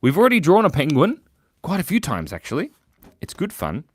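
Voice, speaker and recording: A man's voice: on the high side, wildly swooping pitch, fairly quick, husky, dry recording, clean studio sound. A young Australian man hosting a live drawing stream, chatting playfully and laughing as he reads out viewer comments.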